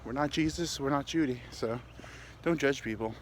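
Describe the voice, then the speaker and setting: A man's voice: mid-range voice, normal speed. Podcast host, male, candid and crude, talking while he walks uphill, a little winded, faint noise outside. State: slightly winded, walking uphill. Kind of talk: rambling comic monologue. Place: outdoors, walking.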